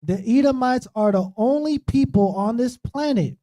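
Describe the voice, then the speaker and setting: On a streamed church talk show, a preacher leads an informal Bible study, chatting casually and constantly checking in with "right?". His voice is extremely high-pitched with a dark tone, and he speaks at a normal speed.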